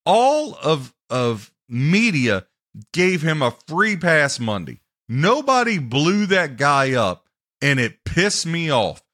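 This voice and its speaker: A man hosting a sports podcast, ranting and mocking teams and players in a loud, heated way. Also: fairly high pitch, big pitch swings, slow. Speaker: podcast host.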